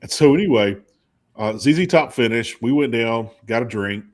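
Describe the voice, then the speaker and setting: A man, co-hosting and telling a rambling, animated story in casual chat. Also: moderate pace. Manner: rambling, animated storyteller with high put-on quoted voices. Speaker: co-host.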